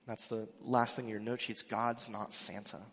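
A pastor with a lowish, fairly bright voice preaches at a moderate pace with flat delivery, amid slight background noise. Conversational and emphatic, he acts out his quotes, and the church sanctuary gives the recording an echoey, long-reverb sound.

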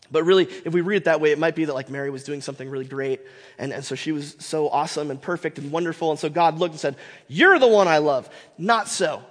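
A man teaching a Bible class, talking in an animated, emphatic way with many fillers and restarts. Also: on the high side, big-room sound.

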